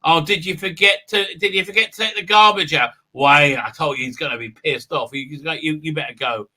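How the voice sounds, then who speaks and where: A man's voice: fairly high pitch, fairly quick, bright, forceful tone. A man voicing a mocking, meek male bounty hunter who fusses in a taunting sing-song.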